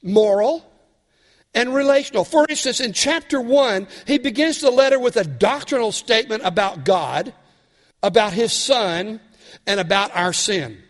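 A male pastor preaching a sermon, animated and often asking his congregation questions. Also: high-pitched, moderate pace. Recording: long hall reverb.

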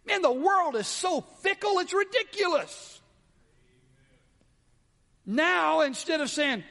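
A male pastor delivers a sermon in a high voice, dropping to hushed lows and then rising to emphatic calls. His words ring out with a long reverb, as in a large church hall. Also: sing-song, slow, gravelly, pauses often. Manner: dramatic, swings from soft low drops to raised exclamations.

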